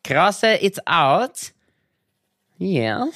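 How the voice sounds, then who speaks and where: A man in a casual comedic vlog monologue, telling stories with quick asides and animated bursts. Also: sits high, no room sound, clean studio sound. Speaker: vlogger.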